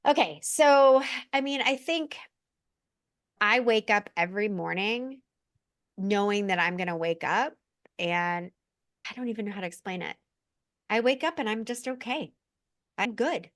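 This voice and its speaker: A woman speaking as a podcast guest in an expressive, candid, effusive way. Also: medium pitch, dry recording, studio quality. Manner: expressive, effusive, quick asides. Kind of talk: candid conversational chat.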